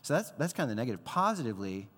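A man in his thirties delivers a sermon, chatty and animated, slipping into little acted voices as he tells his story. His voice sits at a middle pitch, and a long reverb trails each phrase as if in a large hall. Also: very fast. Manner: animated, conversational, acts out quoted voices, many fillers. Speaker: pastor.

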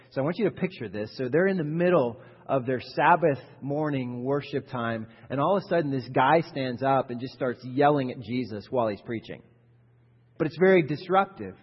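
A man's voice: medium pitch, slightly rough, in a large hall, muffled recording. A male pastor giving a sermon in a conversational style that builds to emphatic peaks.

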